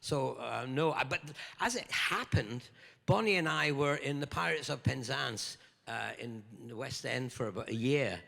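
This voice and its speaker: A man's voice: medium pitch, lively intonation, normal speed, creaky, bright, forceful tone. An older Scottish man, a guest actor at a fan convention Q&A, telling playful, jokey anecdotes. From Scotland. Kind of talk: lively anecdotal storytelling. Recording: echoey convention hall.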